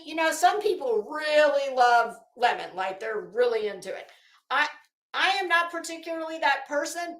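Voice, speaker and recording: A woman's voice: sits high, expressive, a little slow, a bit bright, reverberant. A woman hosting a casual live chat, rambling and effusive, often cutting herself off mid-sentence. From Florida. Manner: rambling, self-interrupting, effusive. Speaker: commentary channel host.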